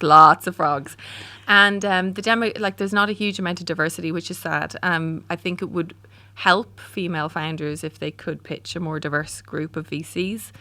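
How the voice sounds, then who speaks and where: Lower-pitched Irish woman, dry close sound. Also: a bit bright, no room sound. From Ireland. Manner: brisk, candid, with frequent ums and self-restarts. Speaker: startup founder and CEO. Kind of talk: conversational interview answers.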